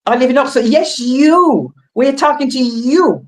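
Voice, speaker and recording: Woman, radio host, animated pitch, rallying and upbeat delivery. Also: measured pace. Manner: lively, rallying listeners. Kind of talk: casual radio chat.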